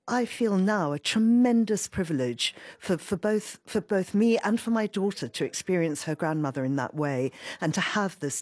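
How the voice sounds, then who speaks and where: A woman's voice: on the low side, darkish tone, no echo. A middle-aged woman guest on an interview show, speaking reflectively about family memories. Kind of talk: interview conversation.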